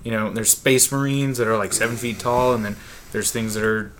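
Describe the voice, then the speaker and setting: A man's voice: lowish voice, steady tone, fairly quick, a bit bright, a little hiss or hum. A man co-hosting a casual gaming podcast, chatty and easygoing as he describes games he saw. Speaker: podcast co-host.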